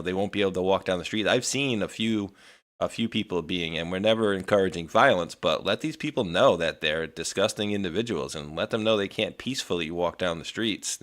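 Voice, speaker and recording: A man with a very low voice co-hosts a live talk stream, talking in a loose, rambling way full of restarts and asides. He sounds indignant as he chats about current events. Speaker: co-host of a weekly live show. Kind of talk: casual political chat.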